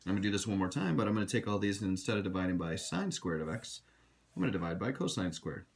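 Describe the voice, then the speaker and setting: Low-voiced man teaching math. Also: expressive, fast talker, creaky. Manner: direct, instructive, addresses students as you guys. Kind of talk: recorded math lesson.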